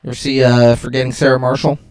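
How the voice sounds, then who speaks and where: A man's voice: medium pitch, quick pace, clean tone. A man co-hosting a podcast, cracking jokes and teasing his co-host in casual chat. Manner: joking, teasing, animated delivery.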